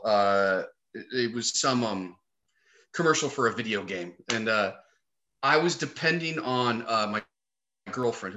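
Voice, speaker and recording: A man who acts and does comedy is a guest, telling a funny story with energy and the odd curse word. His voice is bright and forceful. His pitch sits in an ordinary middle range. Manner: animated storyteller, swears casually. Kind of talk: casual conversation.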